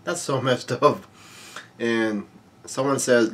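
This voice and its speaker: A man casually reading a manga aloud and commenting on it, halting often with fillers and restarts. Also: mid-range voice, husky.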